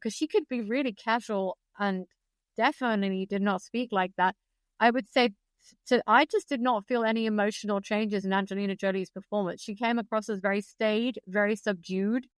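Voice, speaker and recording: A woman from Britain speaks as a podcast guest with a smooth, resonant voice, and she is precise and opinionated. The recording is dry and close-miked. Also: fairly high pitch, no room sound. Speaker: guest biographer. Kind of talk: podcast discussion.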